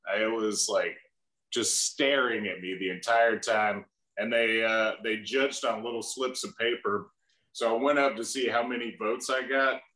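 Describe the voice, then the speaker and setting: Man, comedian, self-mocking jokes, low voice, echoey room. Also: steady tone, unhurried, sharp tone. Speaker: comedian guest. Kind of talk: casual chat.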